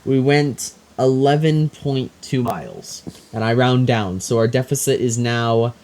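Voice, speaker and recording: A woman's voice: a bass voice, a little slow, a crowd in the background. A woman hiker in a casual vlog chat, giving dry, matter-of-fact, brief replies. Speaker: vlogger hiker.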